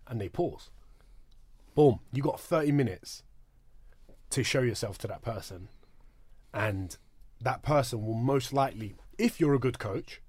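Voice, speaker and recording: Husky bloke, podcast host, casual banter, swears a lot. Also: male voice, mid-range voice, animated, a little slow, long pauses, darkish tone, no echo. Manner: laddish, swears, says bruv and innit.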